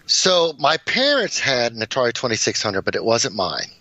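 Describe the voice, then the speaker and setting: A man's voice: medium pitch, wildly swooping pitch, normal speed, bright, forceful tone, dry recording, dull audio. A man from New England, a guest in a casual podcast interview, talkative and easygoing. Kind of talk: casual interview over a call.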